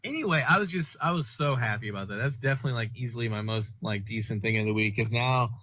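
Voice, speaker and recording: A man's voice: medium pitch, fast talker, pushed and bright, no echo. A young man co-hosting a casual podcast, rambling and swearing as he tells a work story and acts out what people said. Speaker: podcast co-host. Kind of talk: casual chat. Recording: dull lo-fi sound.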